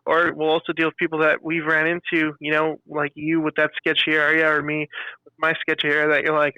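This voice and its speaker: Man, podcast co-host, higher voice, very bright, animated storyteller, dry close sound. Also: brisk, clean tone, no room sound, lo-fi sound. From California. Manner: animated storyteller, acts out customer quotes. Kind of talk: casual chat.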